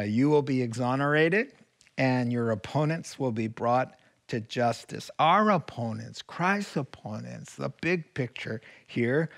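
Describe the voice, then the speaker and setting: Gravelly man preaching a sermon. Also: fairly high pitch. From California. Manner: animated preaching, swings between loud and whispered. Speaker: pastor.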